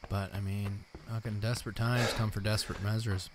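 A man's voice: fairly low pitch, little pitch movement, fairly quick, few pauses. A man commentating on a survival game as he plays, talking to himself and his viewers and swearing often. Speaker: gameplay commentator. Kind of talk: let's play commentary. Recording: with clear background noise.

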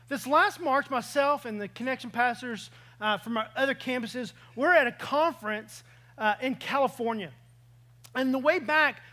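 A man's voice: very high voice, fairly bright tone. A man preaching a sermon as pastor, telling a personal story and acting out his own reactions along the way.

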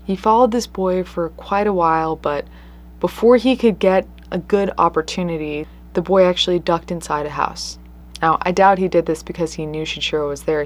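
A woman hosting a true crime show, telling a case in an earnest, conversational way with emphatic stresses. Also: low voice. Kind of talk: casual true crime storytelling.

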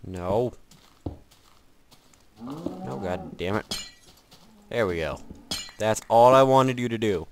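A man with a mid-range voice and lively intonation talks at a slow pace, pausing often, as he rambles through casual commentary on a video game. He mocks himself, jokes around, and addresses both himself and the game, with a little hiss or hum in the recording.

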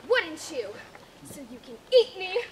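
A woman's voice: extremely high pitch, big pitch swings, a little slow, very noisy, heavily acted. A woman playing a timid, paranoid male lion who panics easily, in an improvised stage comedy scene. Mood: panicky. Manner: jumpy, fretful, suspicious. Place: theatre camp stage.

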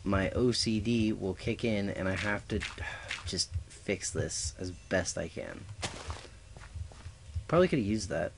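Goofy let's player, a man with a low-ish voice, chatty play-by-play peppered with silly noises. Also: measured pace, gravelly, pauses often, slight background noise. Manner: goofy, talks to himself, makes sound effects. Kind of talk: casual gameplay commentary.

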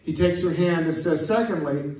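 A man with a slightly high, darkish voice preaches at a moderate pace as a pastor in a church sanctuary. He's folksy, telling jokes and stories and asking the congregation for amens. The mic is distant and the church sounds echoey.

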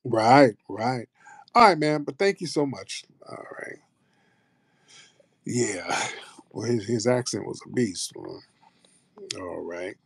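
A man's voice: on the low side, animated, takes it slowly, creaky, pauses often, slightly rough, dry recording, studio quality. An American man hosting a live audio chat, brash and profane, bantering with callers. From United States. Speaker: host of a live audio space.

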